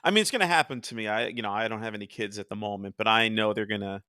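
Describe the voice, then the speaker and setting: A young man from New Jersey hosting a casual podcast chat, chatty and quick to quote cartoon lines in animated voices. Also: fairly low pitch, dry recording, clean studio sound. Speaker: podcast host.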